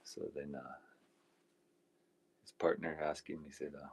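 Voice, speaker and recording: A man's voice: rumbling low, flat delivery, normal speed, pauses often, slightly rough. A man hosting a live stream, chatting casually and telling rambling folksy stories while he works, laughing often. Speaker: livestream host.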